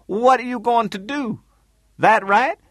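In an exaggerated voice pitched above his own, very high, fairly bright and a little slow, a man plays a streetwise male friend who speaks terse, broken English. The character is an agreeable small-time fixer with a matter-of-fact mood, recorded dry with clean studio sound.

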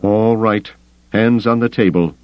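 A man's voice: fairly low pitch, fairly even intonation, unhurried, dull audio, voice pushed up, lightly acted. A man voicing a cornered male traitor, blustering and menacing, in a raised, tense voice. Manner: tense, snarling.

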